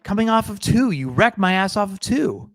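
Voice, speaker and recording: Heated male race car driver, acted by a man, agitated and defensive, voice pushed up high, swinging up and down, in a dry close room. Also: sing-song, moderate pace, fairly bright tone, no room sound.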